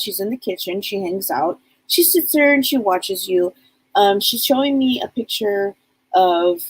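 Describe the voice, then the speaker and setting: A woman's voice: medium pitch, darkish tone, slightly rough, rough recording. A woman psychic medium giving a live reading, chatty and rambling as she passes on what spirits tell her.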